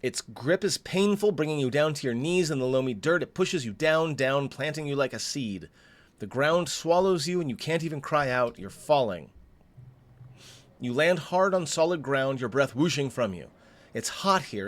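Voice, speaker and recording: A man's voice: mid-range voice, expressive, normal speed. A man hosting a game playthrough, reading the story text aloud and breaking off for chatty asides. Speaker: let's play host.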